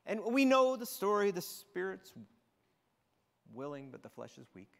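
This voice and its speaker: A high-voiced man preaching with a lively, swooping delivery as he retells scripture. His sermon rings with the long reverb of a church hall. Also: measured pace, vocal fry. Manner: expressive storytelling, retelling scripture dramatically. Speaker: pastor. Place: church sanctuary.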